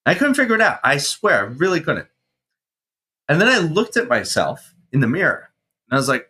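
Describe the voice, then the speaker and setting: A man in his thirties, a guest on an interview show, telling his story casually with swearing and animated reenactments of his past self. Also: medium pitch, brisk. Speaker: guest, mindset coach and firefighter.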